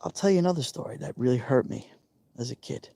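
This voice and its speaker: A man in his fifties with a warm, mellow tone. He tells a personal story in an emotional, confiding way and often repeats himself for emphasis. The sound is dry, with no room echo. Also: medium pitch, lively intonation, fast talker, creaky. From New York. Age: 50s. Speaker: live-stream host.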